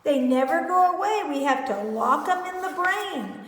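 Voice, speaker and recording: A woman's voice: high voice, expressive, normal speed, hardly any pauses. A woman teaching a phonics lesson to young children, stretching out sounds as she sounds out words. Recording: echoey room with long reverb.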